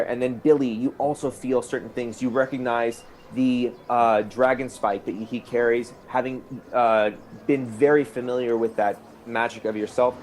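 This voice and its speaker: A man's voice: medium pitch, a little mellow, a little hiss or hum. A man narrating a tabletop role-playing game as game master, rambling, with fillers and restarts. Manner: rambling, with fillers and restarts, quickening in tense moments.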